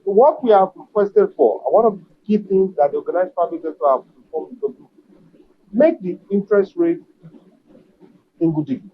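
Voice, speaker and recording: A man, a business association leader, answering an interview question in a measured, emphatic way and repeating key phrases. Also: high-pitched, husky, narrow, tinny audio.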